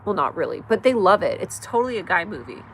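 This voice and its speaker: There's slight background noise as this woman streams at night from her mother's house, talking quickly at a medium pitch. She rambles, reads chat comments aloud, laughs often, and erupts into excited shouts.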